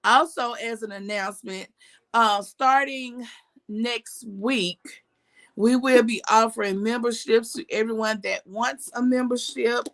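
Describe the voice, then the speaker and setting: A woman hosting a casual talk show and reading out comments, hoarse with her morning voice and a chatty, animated way of talking. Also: fairly high pitch, a little slow. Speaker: podcast host.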